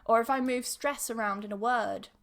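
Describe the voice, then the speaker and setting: A woman's voice: on the high side, fairly even intonation, moderate pace, creaky. A woman English pronunciation teacher hosting a podcast, talking in a casual, chatty way with laughs and asides. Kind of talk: casual solo podcast monologue.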